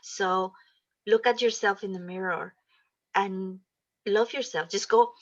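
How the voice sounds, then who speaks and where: A woman's voice: medium pitch, fairly even intonation, slow pace. A woman speaking as an interview guest over a video call, earnest and encouraging, sometimes acting out what she says to herself in the mirror. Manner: earnest, encouraging, acts out quoted self-talk. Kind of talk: motivational interview talk. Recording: slightly dull video call audio.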